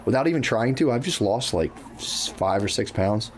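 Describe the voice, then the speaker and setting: A man's voice: fairly low pitch, animated, moderate pace, a little hiss or hum. A man co-hosting a podcast in loose casual chat, swearing freely, saying "dude" often and acting out his own thoughts. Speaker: podcast co-host.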